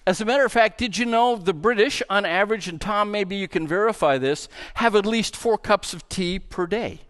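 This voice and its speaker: A middle-aged male pastor telling a story in a sermon, animated and acting out the voices in it. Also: high voice, moderate pace. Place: church.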